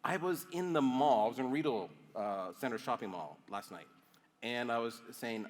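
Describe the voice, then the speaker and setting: A man in his fifties hosts a conversation on stage in a chatty, joking way. His pitch sits in the middle of the usual range. A long hall reverb trails his words. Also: animated, normal speed. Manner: chatty, jokey, frequent yeahs. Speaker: event host. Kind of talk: onstage interview. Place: large hall with audience.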